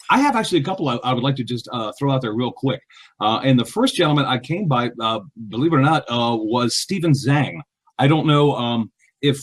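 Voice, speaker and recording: Husky, animated podcast man. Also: mid-range voice. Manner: animated, laughing, many ums and restarts. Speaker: podcast co-host. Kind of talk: casual podcast chat.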